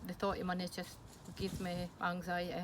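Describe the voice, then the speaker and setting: This middle-aged woman, Scottish-accented, gives a frank, hesitant personal interview peppered with ums and false starts. She speaks in a lowish monotone at moderate pace, and the recording carries noisy background hiss.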